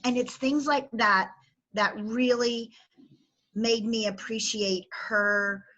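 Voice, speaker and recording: Earnest woman with a bright voice. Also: a little high, fairly even intonation, slow, highs cut off. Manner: emotional, earnest. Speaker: team leader sharing praise. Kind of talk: heartfelt story on a video call.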